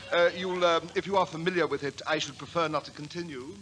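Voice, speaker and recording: An actor playing a prim, formal manservant in 1940s radio acting, stiffly polite and saying sir at every turn. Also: male voice, fairly high pitch, moderate pace, fairly bright tone, slight background noise, natural voice, poor audio. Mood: tipsy giggling. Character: prim, formal middle-aged English manservant.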